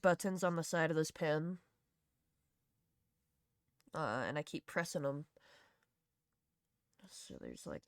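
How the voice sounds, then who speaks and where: Smooth-voiced Southern woman streamer. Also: fairly low pitch, a bit bright, no echo, studio quality. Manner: rambling, laughing, swears casually. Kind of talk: casual chat while drawing.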